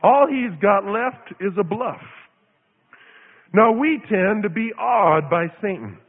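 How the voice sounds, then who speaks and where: A man from Idaho preaches with a high, wildly swinging voice, building his story through dramatic repetition. The sound is thin and phone-like, with a long reverb trailing each phrase as if in a large hall. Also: expressive, slow pace. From Idaho, USA. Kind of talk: sermon with storytelling.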